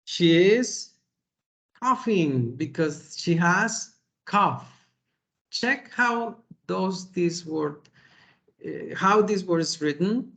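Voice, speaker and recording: Slow, gravelly man teaching English. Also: high voice, expressive, a bit bright. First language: Spanish. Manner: slow, patient, repeats words and adds "okay?". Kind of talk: kids' vocabulary lesson.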